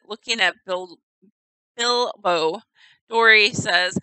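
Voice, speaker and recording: A woman's voice: medium pitch, slow, bright, forceful tone, smooth, no echo, poor audio. A woman giggling and thinking aloud in casual commentary as she tours a house in a game. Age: adult. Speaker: gamer touring a player-built house.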